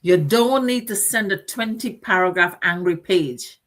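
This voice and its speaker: A woman's voice: mid-range voice, a little slow, a bit bright. A middle-aged woman hosting a motivational talk show, speaking earnestly and directly to her listeners and repeating phrases for emphasis. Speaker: host.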